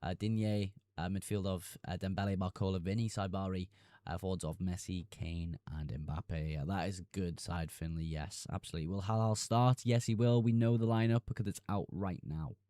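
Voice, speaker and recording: Casual streamer man, low mellow voice. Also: fairly even intonation, dry recording. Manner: reads chat messages aloud and answers quickly. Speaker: streamer answering chat. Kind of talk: casual live stream chat.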